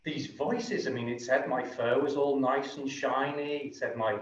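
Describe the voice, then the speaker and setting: A man's voice: mid-range voice, steady tone, slight background noise, close to an everyday voice. A man doing a bewildered bear at the bar. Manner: puzzled, halting. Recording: echoey, distant, dull.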